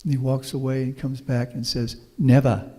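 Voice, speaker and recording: Speaking a little fast in a monotone, this middle-aged man has a medium-pitched, slightly mellow voice. Originally from Houston, Texas, he's a professor and guest speaker giving a folksy, anecdotal public talk and answering questions from the audience, all within a meeting hall's long reverb.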